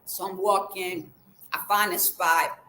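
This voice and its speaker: A woman vlogger telling a personal story in a casual way, acting out the quoted dialogue with lively changes of voice. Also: fairly low pitch, a little slow, slight background noise, poor audio. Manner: animated, acts out the quoted dialogue.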